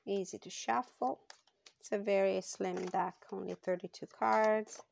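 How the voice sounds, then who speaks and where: A woman hosting her own channel, giving a casual tarot card reading in a slow, thoughtful way with frequent pauses and fillers. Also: medium pitch, fairly even intonation, gravelly, darkish tone, a little hiss or hum.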